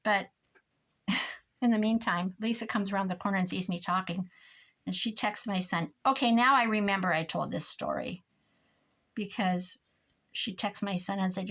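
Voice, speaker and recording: A crafting vlogger, this older woman chats casually at normal speed, wandering from topic to topic in a mock-grumpy tone as she crafts. Her medium-pitched voice is a bit bright, with lively intonation.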